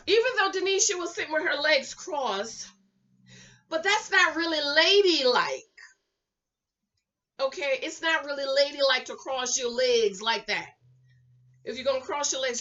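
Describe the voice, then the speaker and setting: Brief: lively high-voiced woman from the islands, loud and playful reviewer, bright tone, dull lo-fi camera sound. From the Caribbean islands. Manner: animated, loud, laughs often, playful. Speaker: YouTube reality-show reviewer. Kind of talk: casual chat reading viewer comments. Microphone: camera mic, no microphone.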